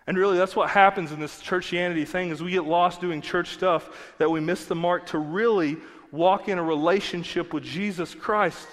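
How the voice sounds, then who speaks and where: Earnest pastor preaching in a reverberant church. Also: male voice, high-pitched, steady tone, moderate pace, fairly bright tone. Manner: conversational, earnest preaching with emphatic repetition. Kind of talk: sermon. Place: church sanctuary. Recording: long hall reverb with faint music.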